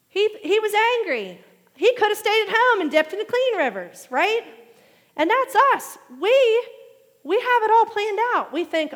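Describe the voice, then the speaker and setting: A woman preaching a sermon, animated and getting loud when she makes her main points. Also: very high-pitched, measured pace. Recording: long hall reverb.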